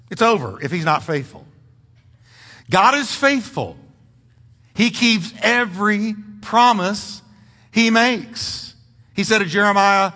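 A man's voice: high voice, sharp tone, long reverb tail. A man pastor delivering a sermon, emphatic and repetitive, mixing humor with preaching in a church. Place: church sanctuary.

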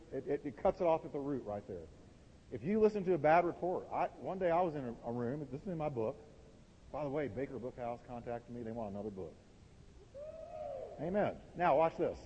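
A man preaching a sermon from the pulpit, emphatic, swinging between loud and quiet lines. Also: medium pitch, a little hiss or hum. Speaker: pastor. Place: warm church sanctuary. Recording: dull, reverberant church recording.

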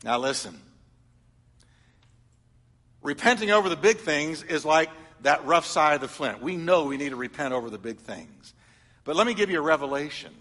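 A middle-aged man preaches in a church, sliding between loud, emphatic declarations and quiet, confiding asides. His voice sits a little high and sounds bright and forceful. A long reverb trails each phrase through the large hall. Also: lively intonation, normal speed, long pauses. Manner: storytelling preacher, swings from loud emphatic lines to soft confiding ones. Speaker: pastor. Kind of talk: sermon.

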